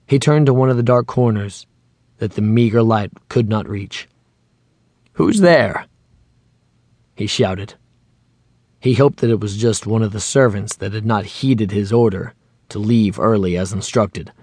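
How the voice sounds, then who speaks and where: A man narrating a suspense audiobook in a measured storytelling manner into a studio microphone. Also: on the low side, steady tone, dark tone, no echo. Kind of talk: scripted narration.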